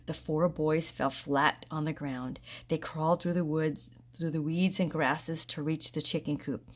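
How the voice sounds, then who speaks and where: A woman narrating a children's storybook in a steady, expressive way. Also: low-pitched, measured pace. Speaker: audiobook reader.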